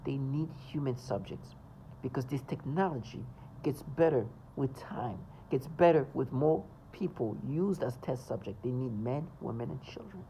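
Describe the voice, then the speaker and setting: A man's voice: medium pitch, animated, moderate pace, warm tone, a little hiss or hum, poor audio. A man delivering an agitated, insistent monologue to his viewers, rambling and emphatic. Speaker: vlogger.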